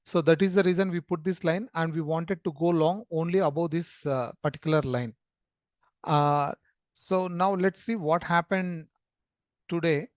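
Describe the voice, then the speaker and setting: A man's voice: fairly high pitch, steady tone, normal speed, no room sound. A man talking through a screen-shared market chart lesson, explaining step by step with many fillers and restarts. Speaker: trading educator.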